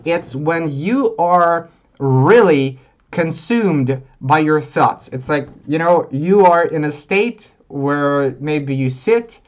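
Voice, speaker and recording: A man's voice: fairly high pitch, animated, slow pace. A man teaching English in a live online lesson, explaining phrases in an easygoing way with many fillers.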